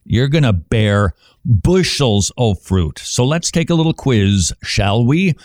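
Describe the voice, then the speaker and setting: A man's voice: slow pace, no echo, clean studio sound. A man preaching a sermon in a conversational, emphatic way, asking rhetorical questions and acting out examples. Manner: animated, emphatic, shifts pace and pitch for effect.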